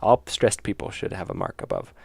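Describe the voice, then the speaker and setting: A man streaming his indie game work, chatting casually and thinking aloud, with jokes and quick self-corrections. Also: low-pitched, wildly swooping pitch, vocal fry, a little mellow, slightly rough, no room sound. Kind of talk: casual livestream chat while working.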